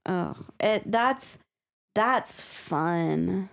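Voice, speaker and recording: A woman's voice: on the low side, expressive, creaky. A woman co-hosting a podcast, chatting casually and laughing often while talking about a story. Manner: unhurried, drawn out, laughs often. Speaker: podcast co-host.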